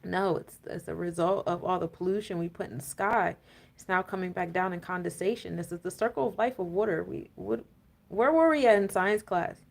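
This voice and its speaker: A woman's voice: lowish voice, fairly even intonation, brisk, vocal fry. A woman giving a casual, rambling astrology and tarot talk, full of fillers and laughing rants. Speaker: spiritual coach and tarot reader.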